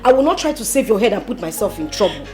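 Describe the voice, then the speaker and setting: A woman's voice: medium pitch, sing-song, fast, music in the background, lightly acted. An actress playing an indignant Nigerian woman scolding her friend, mixing Igbo words into her English. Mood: stern. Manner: scolding, exclaiming, switches into Igbo.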